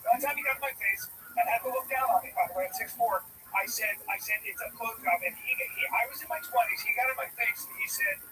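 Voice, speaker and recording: A man co-hosting a livestreamed show, telling stories in casual chat, animated and profane. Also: very high voice, quick pace, hardly any pauses. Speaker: podcast co-host. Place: studio or room, livestream. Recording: distant mic with faint noise.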